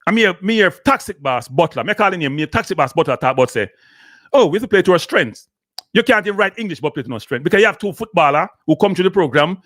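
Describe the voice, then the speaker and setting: Jamaican host, heated patois rant, rapid-fire, dry close sound, fairly high voice. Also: male voice, lively intonation, a bit bright, no room sound. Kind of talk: heated live commentary.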